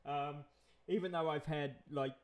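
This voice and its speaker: A man's voice: on the high side, fairly even intonation, a little slow. A man, chatting in a rambling vlog monologue, repeating himself and chuckling often. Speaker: vlogger.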